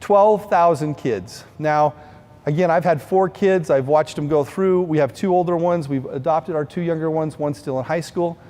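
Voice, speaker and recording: A middle-aged man tells a heartfelt story to a benefit audience, earnest and sincere. His voice sits a little high yet sounds mellow and soft-edged. A long hall reverb trails behind every phrase. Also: steady tone, moderate pace. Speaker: benefit event speaker. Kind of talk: storytelling speech.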